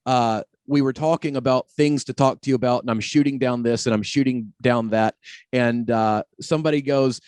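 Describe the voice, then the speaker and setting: A man's voice: mid-range voice, fairly even intonation, darkish tone, smooth, dry recording. A man hosting a podcast, chatty and jokey in casual conversation. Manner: chatty and jokey, quick to laugh. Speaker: podcast host.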